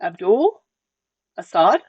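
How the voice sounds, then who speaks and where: A streamer casually chatting with viewers, playful and quick to laugh. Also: mid-range voice, sing-song, a little mellow, slightly rough, no room sound, highs cut off.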